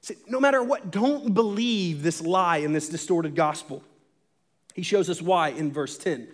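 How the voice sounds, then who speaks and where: A young man preaching a sermon, talking casually and acting out quoted lines with lively swings. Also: high-pitched, measured pace. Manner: animated, acts out Paul in quoted asides. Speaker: pastor.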